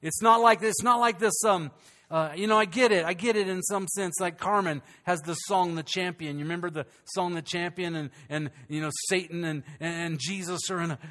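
High-voiced man preaching with loud peaks. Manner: emphatic preaching, swinging between loud peaks and hushed lines. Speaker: pastor. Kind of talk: sermon. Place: church during a service.

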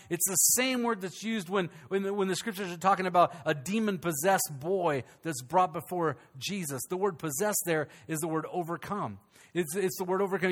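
A pastor delivering a sermon during a church service, preaching emphatically and swinging from loud peaks to hushed lines. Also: male voice, sits high.

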